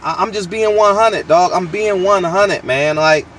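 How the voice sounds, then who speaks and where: A man's voice: sits high, a little slow, a bit bright, recorded from a distance, slight background noise. A man hosting his channel, delivering a blunt, slangy, profane opinion rant with lots of emphatic restarts, recorded outdoors. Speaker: channel host.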